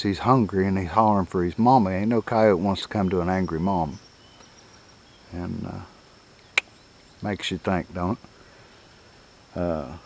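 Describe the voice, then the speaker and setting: An older man, teaching coyote calling in a folksy, rambling, chuckling way. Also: lowish voice. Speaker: coyote hunting instructor. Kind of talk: casual outdoor teaching.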